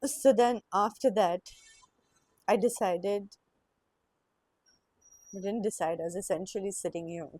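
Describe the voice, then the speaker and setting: A young woman speaking in an emotional, halting personal monologue, with sighs and restarts. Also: medium pitch, fairly even intonation, dark tone, dry recording. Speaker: vlogger.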